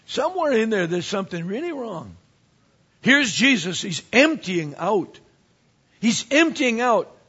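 A man who is a pastor, preaching a sermon with animated swings from quiet asides to emphatic rises. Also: high voice, husky, dull audio.

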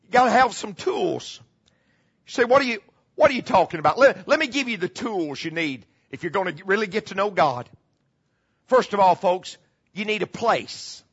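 A middle-aged male pastor preaching a sermon, repeating key phrases and dropping into hushed tones. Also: sits high, animated, moderate pace, breathy edge. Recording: muffled, slightly lo-fi.

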